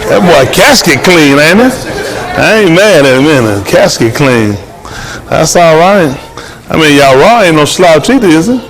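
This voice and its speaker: An older man jokes around with wedding guests indoors, recording on a handheld phone. His voice sits a little high, and he talks in a loose, playful way, with quiet chatter around him. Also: expressive, a little slow. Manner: playful, teasing, Southern Black vernacular speech. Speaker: wedding guest filming the crowd. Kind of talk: casual banter while filming.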